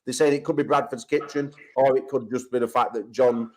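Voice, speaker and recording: A man's voice: mid-range voice, fairly even intonation, a little fast, a little mellow, slight background noise, poor audio. An English man hosting a call-in chat show, talking in brash, profane trash-talk banter. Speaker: host.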